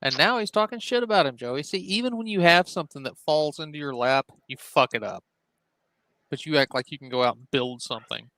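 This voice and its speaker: A male host gives sarcastic, mocking commentary on clips he plays. His voice is bright and forward, recorded dry and close with no room sound. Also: on the high side, fairly quick, dry recording, poor audio. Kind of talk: reaction commentary.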